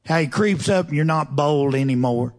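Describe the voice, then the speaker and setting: A man's voice: fairly high pitch, moderate pace. A man preaching a sermon, reading scripture aloud and breaking off to ask the congregation pointed questions in a folksy, conversational way. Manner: reads scripture then comments in a folksy, conversational way.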